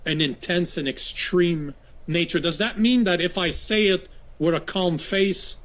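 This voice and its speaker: A man's voice: high voice, unhurried, fairly bright tone. A man commenting critically on a new law, firing off rhetorical questions. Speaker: political commentator.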